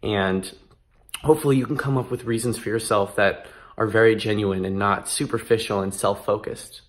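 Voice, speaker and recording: A man's voice: fairly low pitch, fairly even intonation, moderate pace. Earnest young man vlogging. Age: 20s. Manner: earnest and emphatic, with frequent restarts. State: emotional, close to tears. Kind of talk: casual motivational vlog.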